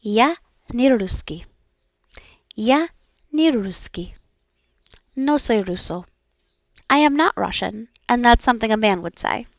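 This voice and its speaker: A woman's voice: on the high side, animated, takes it slowly, long pauses, dry recording, studio quality. A young woman learning languages, repeating practice words aloud and chatting casually with fillers.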